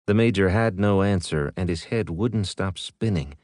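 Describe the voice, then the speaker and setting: A man narrating an audiobook in a steady storytelling manner. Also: low-pitched, normal speed, hardly any pauses, no room sound, clean studio sound. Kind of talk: scripted narration.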